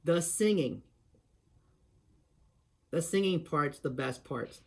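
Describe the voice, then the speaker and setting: A man casually explaining how to do a voice impression, rambling, halting and eager, with many restarts. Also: fairly high pitch. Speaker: host of an impression tutorial. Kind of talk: casual tutorial talk.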